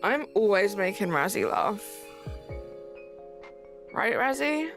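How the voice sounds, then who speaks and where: A woman's voice: medium pitch, expressive, slow pace, a bit bright. A young woman live streaming at home on a desk mic, chatting casually, reading chat aloud and joking back. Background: faint game music.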